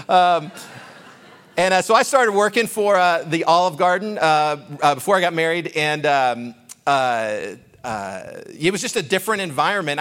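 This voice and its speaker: A man preaching as a guest speaker, telling a personal story in a conversational, halting way with many fillers and restarts. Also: a little high, a bit bright. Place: church sanctuary.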